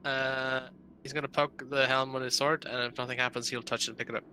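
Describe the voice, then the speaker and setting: A man playing a tabletop game, speaking hesitantly and filling pauses with "uh". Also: mid-range voice, level tone, pushed and bright, slight background noise, low-quality recording. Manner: hesitant, full of fillers. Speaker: player. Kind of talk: casual tabletop play.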